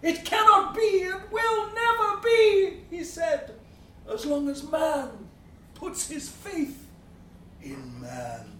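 An actor playing a drunken, boastful but remorseful middle-aged gentleman of the eighteenth century, in a theatrical monologue swinging between bluster and hushed brooding. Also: very high-pitched, very animated, slow pace, a little hiss or hum, heavily acted. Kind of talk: dramatic monologue. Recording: roomy, distant mic.

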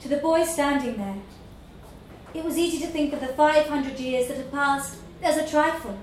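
A woman reading a literary story aloud in a slow, measured storytelling manner. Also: high-pitched, a little hiss or hum. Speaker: narrator. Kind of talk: scripted narration of a literary story. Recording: echoey room with faint ambience.

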